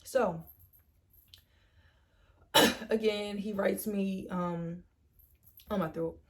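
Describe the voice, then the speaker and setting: A young woman tells a story for her vlog in a chatty, animated way, acting out quoted lines and leaning heavily on "like" and "literally." Her voice is mid-range, and she speaks extremely slowly.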